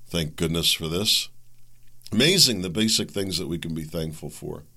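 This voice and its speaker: A man's voice: low voice, lively intonation, normal speed, pushed and bright. A man hosting a solo commentary podcast, talking in heated rants full of repeated words and self-interruptions, sometimes mocking the other side in sarcastic asides. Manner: sarcastic, mimics opponents. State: coughing. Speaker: show host.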